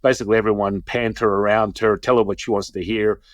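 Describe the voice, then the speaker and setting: A middle-aged man telling a story in casual conversation, animated, acting out the voices of the people he quotes. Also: on the low side, fast talker, dry recording. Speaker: Taoist teacher, interview guest.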